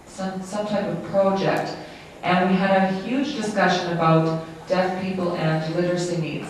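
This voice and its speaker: An interpreter voicing a lecture live, in a halting, self-correcting way. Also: medium pitch. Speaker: sign language interpreter. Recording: very echoey room, distant mic, faint noise.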